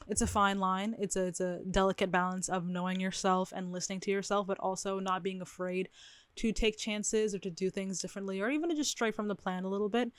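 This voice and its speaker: A woman's voice: medium pitch, no room sound. Chatty young woman, dry close sound. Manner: chatty, rambling, self-reflective, laughs often. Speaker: vlogger. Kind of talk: casual chat to camera. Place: her bedroom setup.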